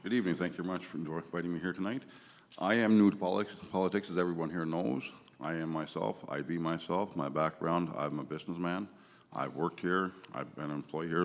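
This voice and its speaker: A man new to politics, running for mayor, speaks plainly and hesitantly in short phrases. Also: rumbling low. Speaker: mayoral candidate. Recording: distant mic in a reverberant hall.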